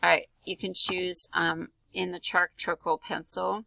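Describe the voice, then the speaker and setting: A woman's voice: lowish voice, level tone, measured pace, vocal fry, pushed and bright, no room sound, low-quality recording. A woman art teacher talking through a drawing tutorial in a casual, chatty way, with many ums and likes. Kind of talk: screen-recorded drawing tutorial.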